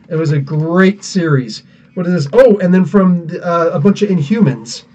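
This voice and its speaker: A man with a slightly high, darkish voice hosts a live podcast, chatting casually, rambling, and greeting viewers by name. The sound is dull, with the mic somewhat distant.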